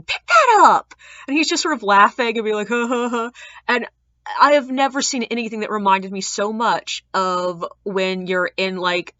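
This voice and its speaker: A woman who works as a ghost tour guide, telling a casual storytime tale and acting out the people in it with sudden jumps in her voice. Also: dry recording. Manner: animated, acts out quoted people with big pitch jumps. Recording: dull lo-fi dry sound.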